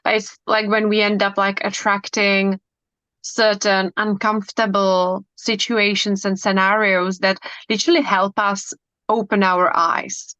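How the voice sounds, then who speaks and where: Woman with smooth clear voice. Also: medium pitch, little pitch movement, a little slow, pushed and bright, no echo. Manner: earnest, enthusiastic, many "like" fillers. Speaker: hypnotherapist guest. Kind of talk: casual interview chat. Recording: dull lo-fi dry sound.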